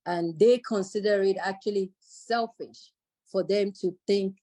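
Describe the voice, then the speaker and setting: A woman in a book club discussion, speaking in a measured, thoughtful way with some hesitant fillers. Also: mid-range voice, steady tone, dark tone, dry recording, poor audio. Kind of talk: casual group discussion.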